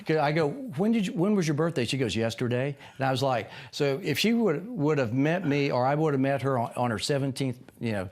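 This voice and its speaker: A man's voice: expressive, fairly quick, hardly any pauses. Man in his sixties telling a rambling story. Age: 60s. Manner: rambling, acts out quotes with sudden higher pitch. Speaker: podcast guest. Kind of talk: casual storytelling interview.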